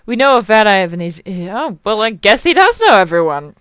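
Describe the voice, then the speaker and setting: A young woman chats her way through a game, rambling, swearing and apologizing. Her voice is smooth and clear, and her pitch leaps around a lot. The sound is close and dry. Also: big pitch swings, brisk, few pauses, a bit bright, no echo. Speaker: gaming channel host. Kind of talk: casual let's play commentary.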